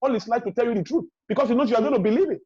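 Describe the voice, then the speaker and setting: Middle-aged man, raised pitch, a touch of rasp; emphatic, repetitive advice giver, flat dull call audio. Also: very fast, no echo. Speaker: guest speaker. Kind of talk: advice talk in a webinar. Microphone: video call.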